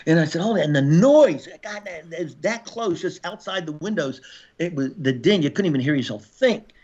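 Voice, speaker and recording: A man in his sixties, a former Marine and podcast guest, telling war stories in a casual, profane way and shouting out reenacted orders. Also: a little high, lively intonation, normal speed. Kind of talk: casual storytelling interview. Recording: slightly dull podcast audio.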